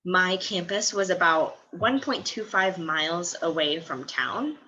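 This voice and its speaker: A woman's voice: on the low side, unhurried, pushed and bright, highs cut off, slight background noise. A woman in her twenties from the American Midwest, chatting casually in a vlog and laughing often between phrases. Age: 20s. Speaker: study abroad student.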